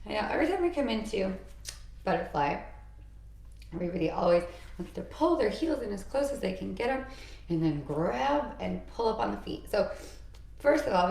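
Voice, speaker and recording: Gravelly-voiced yoga instructor woman, echoey room. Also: medium pitch. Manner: calm, encouraging cueing of poses and breath. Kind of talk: guided yoga class instruction.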